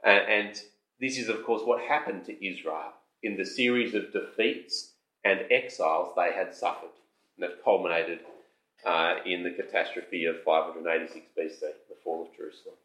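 A man preaching an expository sermon, emphatic, lifting his voice on lists and slowing down when he reads scripture aloud. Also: deep voice, bright, forceful tone. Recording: roomy hall sound.

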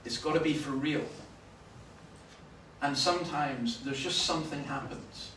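A Scottish man preaching a sermon, telling stories with sudden loud bursts of emphasis. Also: fairly high pitch, a little slow. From Scotland. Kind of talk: sermon with anecdotes. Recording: roomy, from far off, faint noise.

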